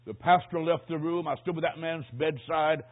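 A man preaching a sermon, telling a story dramatically, dropping to hushed tones and rising to loud cries. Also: on the high side, normal speed. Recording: tinny phone-like sermon recording.

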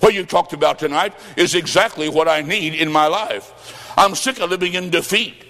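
A male preacher delivering a revival sermon, swinging from loud shouts to low, quiet lines. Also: moderate pace, long reverb tail. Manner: preaching with sudden shouts and drops to low tones. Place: church sanctuary.

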